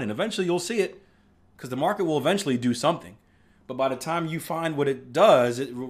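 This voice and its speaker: A man teaching trading in a casual live stream, chatty, who keeps asking "right?" and acts out his stories. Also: on the high side. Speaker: trading instructor.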